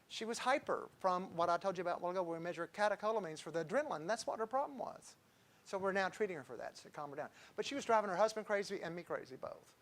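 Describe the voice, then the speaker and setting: Male doctor, fairly high voice, rambling health-talk lecturer with anecdotes. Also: expressive, very fast, fairly bright tone. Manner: chatty, digressive, tells patient stories with chuckles.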